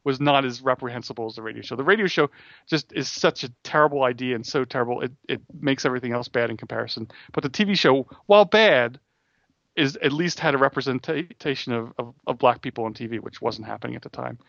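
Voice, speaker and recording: A man co-hosting a casual podcast chat, rambling quickly with frequent restarts. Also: mid-range voice, creaky, a bit bright, no room sound. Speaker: podcast co-host. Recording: dull dry close-mic audio.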